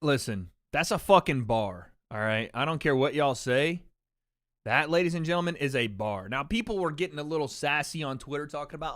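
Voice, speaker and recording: Man streaming live, brash and opinionated, bright forceful voice, dry sound, a bit high. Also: expressive, brisk, no room sound. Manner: brash, opinionated, swears freely. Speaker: livestream watch party host. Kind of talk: casual chat.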